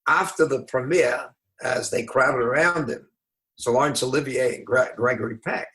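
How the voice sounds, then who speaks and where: An older man from New York, a rabbi being interviewed, telling stories in an unhurried, anecdotal way with emphatic moments. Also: medium pitch, a bit bright. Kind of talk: conversational storytelling.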